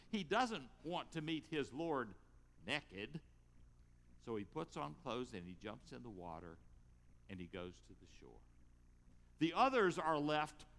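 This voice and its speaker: A man delivering a sermon at an unhurried pace, his pitch lifting and falling expressively as he tells the story. His voice rings out with a long reverb, as in a church sanctuary. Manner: storytelling, lively rises and drops. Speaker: pastor.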